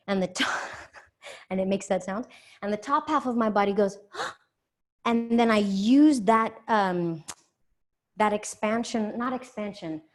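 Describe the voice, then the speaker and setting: A woman teaching an online dance class from home, counting beats aloud and answering questions in an upbeat, encouraging way, a bit out of breath. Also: medium pitch. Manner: counts beats rhythmically, scats, cheerful and encouraging.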